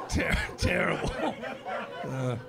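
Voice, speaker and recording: A male comedian doing a stand-up set, loud and exuberant and working the crowd, recorded live on a club stage mic. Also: high voice, creaky, very noisy.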